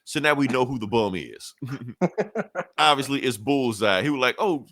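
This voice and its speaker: A man's voice: mid-range voice, lively intonation, unhurried, fairly bright tone, dry recording, studio quality. A man hosting a podcast, retelling a comic book issue in loose, profane, chuckling casual chat. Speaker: podcast host.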